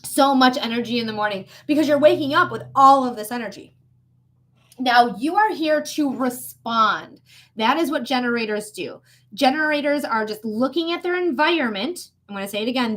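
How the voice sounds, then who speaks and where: Young woman doing a live psychic reading, high voice, casual, swears a lot. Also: lively intonation, moderate pace, a bit bright. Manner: casual, blunt and swearing, talks straight to the viewer. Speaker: psychic reader.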